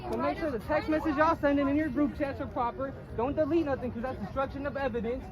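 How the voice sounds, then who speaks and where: Fired-up protester, high voice, packed loud crowd all around. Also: quick pace. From Minnesota. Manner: angry, defiant. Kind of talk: heated street speech. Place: city street outdoors. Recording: loud crowd on a city street.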